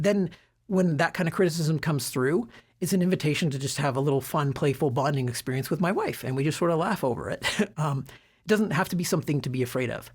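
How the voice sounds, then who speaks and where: A middle-aged man with a husky voice, giving self-development advice in a relaxed, conversational way with frequent fillers and restarts. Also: fairly high pitch. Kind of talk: casual talk to camera.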